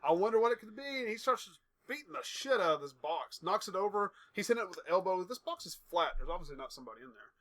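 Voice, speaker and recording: A man's voice: high-pitched, expressive, fast, hardly any pauses, a bit bright. A young man co-hosting a podcast, casually retelling wrestling segments in a rambling way. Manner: rambling storyteller, acts out quotes. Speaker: podcast co-host. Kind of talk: casual chat recapping wrestling.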